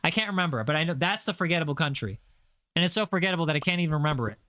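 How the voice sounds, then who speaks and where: A man's voice: fairly high pitch, expressive, very fast, sharp tone. A man chatting casually on a gaming livestream, rambling with lots of fillers and playful boasts. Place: home setup, lives in Los Angeles.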